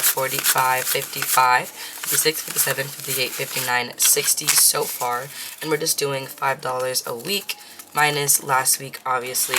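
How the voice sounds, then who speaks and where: Young woman chatting over her cash envelopes, low voice, counts bills out loud, drops in spanish bits, faint hiss. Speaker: budgeting vlogger. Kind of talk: casual chat while counting cash.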